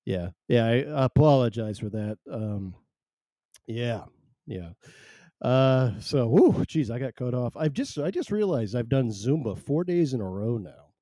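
His medium-pitched voice is sing-song and mellow, moving at a measured pace in a dry, studio-quality recording. The middle-aged man rambles happily through his own solo podcast, reading listener chat and amused by himself.

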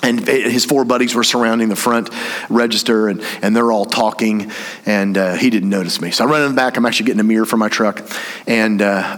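Speaking with a medium pitch and fairly bright tone, a pastor from Tennessee preaches in church, telling a story with humor and acting out voices, recorded in a reverberant church hall.

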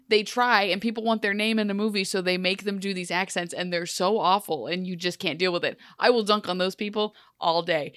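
A woman's voice: medium pitch, fairly bright tone, no echo, studio quality. A woman co-hosting a podcast, giving emphatic, rambling opinions in casual chat. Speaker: podcast co-host. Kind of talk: casual chat recapping a TV show.

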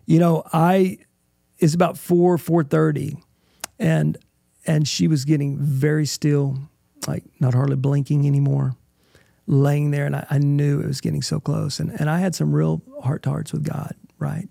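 Middle-aged male guest, raspy and gravelly, earnest halting testimony, dry close sound. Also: on the high side, level tone, mellow, dry recording. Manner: earnest, halting storytelling with restarts. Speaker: interview guest. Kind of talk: emotional personal testimony.

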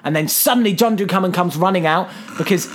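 A man's voice: sits high, fast. A man, casually retelling a film plot on a podcast and jumping into silly voices. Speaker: podcast co-host. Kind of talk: casual chat.

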